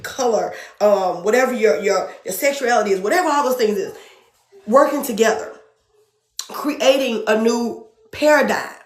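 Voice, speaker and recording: A woman's voice: fairly high pitch, roomy sound. A woman speaking as a podcast guest in an earnest, emotional way, often repeating phrases for emphasis. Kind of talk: passionate spiritual conversation.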